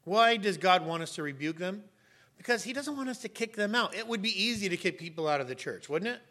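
With lively intonation and a brisk pace, a middle-aged pastor with a high-pitched voice delivers an emphatic sermon. At moments he rises to sharp, raised shouts.

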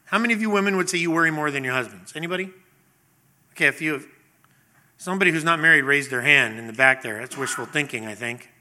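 A man's voice: fairly high pitch, fast talker, pushed and bright. A middle-aged man preaching a sermon in a conversational way, asking the congregation questions and acting out little scenes. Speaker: pastor.

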